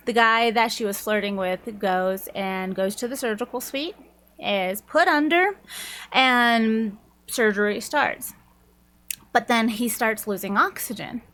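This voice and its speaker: A woman's voice: a little high, fairly bright tone. A woman reviewing a book, chatting casually and rambling through the plot with frequent laughs.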